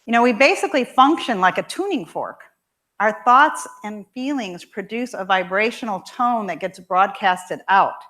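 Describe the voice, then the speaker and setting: A woman minister preaching a sermon in a church, emphatic and expressive, repeating key lines slowly for weight. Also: mid-range voice. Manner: emphatic and expressive, with measured repetition. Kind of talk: sermon with storytelling. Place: church sanctuary.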